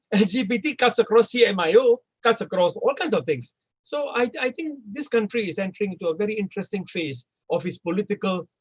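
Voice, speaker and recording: A man speaking on a discussion panel, animated and full of questions, sometimes voicing imagined speakers. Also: sits high, poor audio. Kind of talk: discussion talk.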